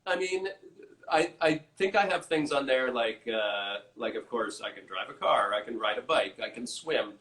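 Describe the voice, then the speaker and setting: A man, an actor and improviser, chatting as a guest over a video call, relaxed with many fillers. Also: medium pitch, normal speed, low-quality recording. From Canada. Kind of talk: casual chat.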